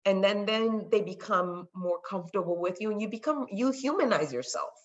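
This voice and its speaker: A woman's voice: medium pitch, moderate pace, muffled recording. A woman guest in a casual chat, telling stories with acted-out dialogue and dropping into Spanglish. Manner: animated storyteller, slips into Spanglish; acts out quoted dialogue. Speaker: podcast guest.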